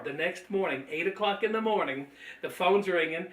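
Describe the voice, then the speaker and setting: A man cheerfully telling animated stories about recruiting friends into his business, laughing easily. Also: sits high, brisk. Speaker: network marketing trainer. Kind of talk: storytelling testimony. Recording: echoey room, mic at a distance.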